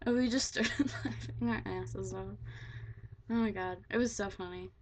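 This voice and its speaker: A woman's voice: medium pitch, fairly even intonation, a little slow. A teenage girl casually telling a story to the camera, rambling with lots of "like" and swearing freely. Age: teens. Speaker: vlogger.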